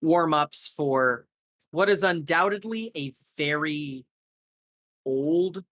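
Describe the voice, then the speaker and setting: A man's voice: fairly high pitch, slow pace, a bit bright. A man narrating a tabletop game as game master, rambling casually with lots of fillers.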